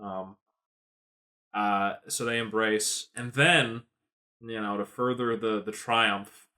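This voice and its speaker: A man's voice: fairly low pitch, steady tone, sharp tone. Tipsy man ranting about a film. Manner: sarcastic, swears a lot, mocks characters in quick put-on voices. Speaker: podcast co-host. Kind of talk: casual film review chat.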